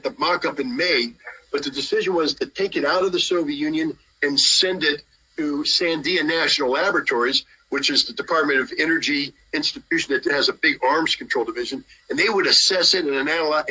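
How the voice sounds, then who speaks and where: Middle-aged man, storyteller, fairly high voice, sharp edgy tone. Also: husky, poor audio. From United States. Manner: lively, acts out dialogue with shifting voices. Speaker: guest telling a story. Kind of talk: animated anecdotal storytelling.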